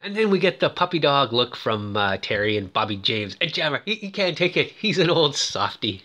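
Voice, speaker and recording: A man retelling a movie plot in a casual, excitable way, with many fillers and quick put-on voices for the characters. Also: mid-range voice. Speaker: film recap presenter.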